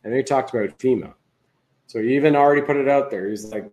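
A man's voice: mid-range voice, fast talker, darkish tone, low-quality recording. A man hosting a livestream, giving casual political commentary in a rambling, conversational way that often restarts. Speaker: livestream host.

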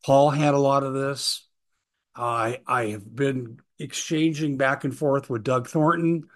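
A middle-aged man hosting his own show, talking urgently and earnestly, hoarse from talking all day. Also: mid-range voice, steady tone, slow pace. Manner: urgent, earnest, reading out posts. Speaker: host. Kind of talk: solo show monologue.

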